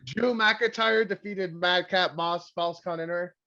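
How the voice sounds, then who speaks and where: A man's voice: high voice, measured pace, highs cut off. A young man from Canada hosting a wrestling podcast, rambling and swearing in casual chat. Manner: rambling, crude, excitable. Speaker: podcast host.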